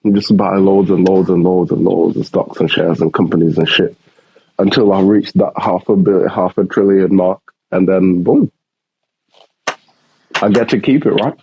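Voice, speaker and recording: A young man brags his way through casual podcast talk, repeating himself in heavy slang. His low voice is dark and raspy, and the recording sounds dull and dry. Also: moderate pace. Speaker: podcast co-host. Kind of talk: casual chat.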